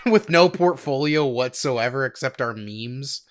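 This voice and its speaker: A man's voice: mid-range voice, animated, unhurried. A man co-hosting a podcast in a goofy, joking way, laughing often. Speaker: podcast co-host. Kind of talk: casual chat.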